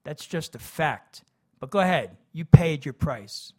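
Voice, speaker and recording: A man's voice: on the high side, animated, a little slow. A man doing a coarse, menacing street bully. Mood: threatening. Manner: threatening and coarse.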